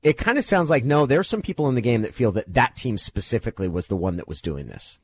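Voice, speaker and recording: A male host giving measured analysis in casual sports talk. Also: medium pitch, sing-song, breathy edge, dry recording.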